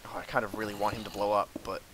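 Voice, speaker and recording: A man giving let's play commentary, sarcastic and easily frustrated, with sudden yells at monsters. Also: lowish voice, completely flat delivery, very fast, background noise. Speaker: gamer.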